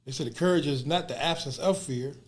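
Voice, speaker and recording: A man's voice: fairly high pitch, fast talker. A man hosting a podcast, talking casually and reflectively, restarting phrases as he thinks, with slang like "bruh". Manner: reflective, repeats words as he searches. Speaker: podcast host. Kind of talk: casual conversation.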